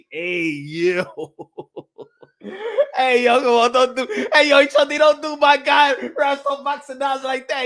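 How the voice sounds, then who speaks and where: A man hosting a boxing channel in casual reaction commentary, excitable and profane, laughing often and repeating himself. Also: extremely high pitch. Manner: repeats himself, bursts into yelps.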